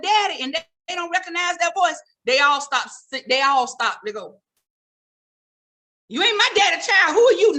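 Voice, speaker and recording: A middle-aged woman works through a stand-up comedy set, scolding and teasing her audience with sassy asides. Her voice sits high and rings bright and sharp.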